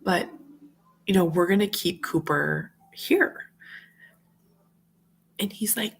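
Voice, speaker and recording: A woman's voice: fairly low pitch, slow pace, gravelly, long pauses, breathy edge. A woman in her thirties with a slight cold, chatting earnestly and casually to viewers in a home livestream. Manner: earnest, heartfelt, rambling. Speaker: mom vlogger.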